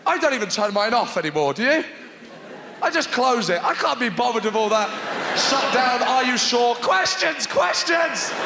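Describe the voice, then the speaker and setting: A man performing stand-up comedy on a theatre stage, animated and often shouting. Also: very high-pitched. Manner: animated, shouting bits and put-on voices. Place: large theatre stage with live audience. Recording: echoey hall with crowd noise.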